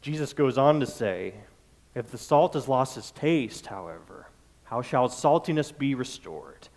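A man's voice: mid-range voice, expressive, measured pace, darkish tone. A male pastor preaching a sermon, building his points through repeated phrases and lists.

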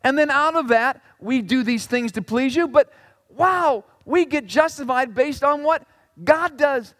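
A male pastor preaching a sermon in an animated way. He swings between loud exclamations and quiet asides and slips in jokes. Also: extremely high pitch, measured pace, long reverb tail.

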